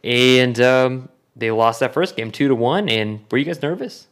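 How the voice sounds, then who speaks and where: A man's voice: medium pitch, normal speed, clear, resonant tone. A man hosting a casual sports podcast, joking and steering the talk along. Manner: jokey, lively, steers the talk. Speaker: podcast host.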